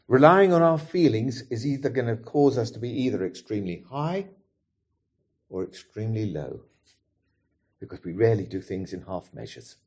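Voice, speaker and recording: Slow, mellow-voiced male preacher. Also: medium pitch, husky. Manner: measured, earnest delivery, reading scripture and leading prayer. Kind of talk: sermon.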